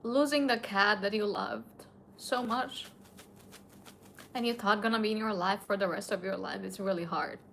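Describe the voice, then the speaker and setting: A woman's voice: medium pitch, lively intonation, moderate pace, fairly bright tone, slight background noise. A young woman streaming late at night, a bit tipsy and emotional, tearfully answering her chat in casual talk.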